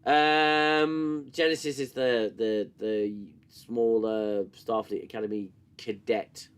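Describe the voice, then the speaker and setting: A man with a mid-range, clear and resonant voice speaks slowly and steadily while hosting a live-stream review of a TV show. He's sarcastic and swears, reading the chat and mocking scenes in casual commentary, though coughing fits keep interrupting him.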